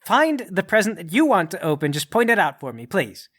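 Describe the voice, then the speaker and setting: A man's voice: high-pitched, very animated, brisk, a bit bright, voice pushed up, exaggerated voice. A man playing a prim, formal male butler in a tabletop game. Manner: formal, polite. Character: polite, fussy male butler.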